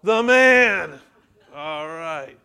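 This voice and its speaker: A man's voice: a little high, lively intonation, drawn-out words, vocal fry, bright, forceful tone, clean tone. A man preaching a sermon in a church, talking conversationally and asking the congregation questions. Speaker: pastor.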